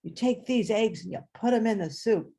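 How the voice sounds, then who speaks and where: A woman voicing a calm, practical old grandmother in a told story, matter-of-fact and soothing. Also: on the high side, normal speed, creaky. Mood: instructive.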